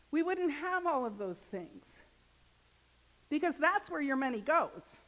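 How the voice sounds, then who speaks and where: A woman minister delivers a relaxed, joking sermon, often turning to her congregation with questions. Her voice sits high, and her talk is loose and conversational rather than formal. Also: low-quality recording. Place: church sanctuary.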